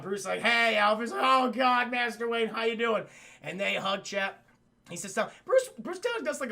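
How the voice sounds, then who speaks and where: A young man casually recapping a cartoon episode for his live chat, excitable and swearing, acting out the characters. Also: high-pitched, creaky. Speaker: streamer reviewing a cartoon episode.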